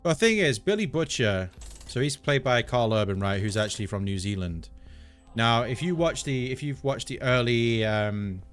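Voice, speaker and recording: A man's voice: mid-range voice, normal speed, smooth, faint music behind. An English man chatting casually and digressively to viewers while streaming a video game. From England. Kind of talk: casual live-stream chat while gaming.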